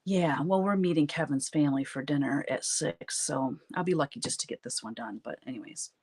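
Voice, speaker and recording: In a deep, darkish, slightly rough voice, a woman chats fairly quickly with viewers of her live painting stream. She's a chatty storyteller who laughs a lot, working on her feet in a home art studio.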